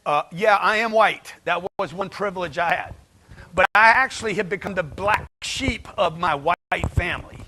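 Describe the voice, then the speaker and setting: A man's voice: sits high, bright, forceful tone. A man giving a blunt, slangy motivational talk to a livestream chat, firing rhetorical questions at his audience. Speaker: motivational speaker.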